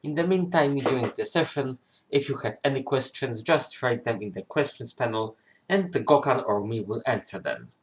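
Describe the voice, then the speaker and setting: A man of medium pitch opens a webinar as its host. He speaks in a brisk, announcing manner, handing over to the guest speaker. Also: lively intonation, slight background noise. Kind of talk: webinar introduction.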